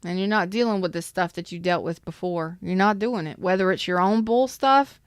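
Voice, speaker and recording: A woman's voice: lowish voice, normal speed, smooth, no room sound, clean studio sound. A woman giving a live tarot reading in a chatty, emphatic way and greeting viewers in the chat. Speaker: tarot reader.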